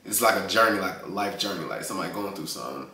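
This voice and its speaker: A man hosting a music reaction video, chatting in a hyped, excited way and talking over the track. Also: low-pitched, rapid-fire, creaky, far from the mic. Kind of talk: casual music reaction commentary. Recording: echoey room with music playing.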